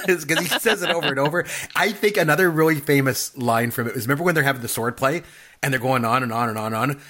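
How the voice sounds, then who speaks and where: A man in casual chat about a film, animated and acting out quotes in funny voices. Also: mid-range voice, fast. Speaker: podcast co-host.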